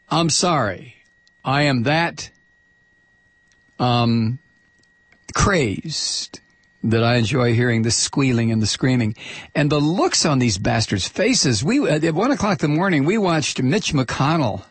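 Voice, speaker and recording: A man hosting a political talk radio show, ranting and mocking in a halting way full of fillers, with sudden high-pitched shouts. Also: expressive, slightly rough, dry recording. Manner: halting, with many fillers and restarts.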